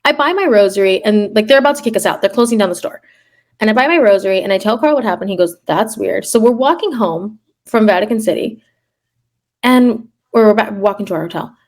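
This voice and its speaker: A woman on a podcast telling a personal story in a casual, animated way, full of fillers and quoting herself. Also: medium pitch, fast talker. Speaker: guest, third grade teacher.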